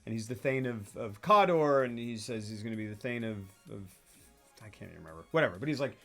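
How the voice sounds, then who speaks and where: A man hosting a casual film chat, retelling plots in a rambling, animated way and laughing often. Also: medium pitch, quick pace, soft background music. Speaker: podcast host.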